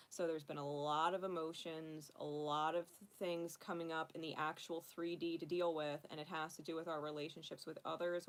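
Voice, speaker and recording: A woman hosting a casual livestream card reading, chatting and laughing often before softly calling in her angels. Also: deep voice, vocal fry. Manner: chatty, laughs often, soft prayerful invocations. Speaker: spiritual card reader.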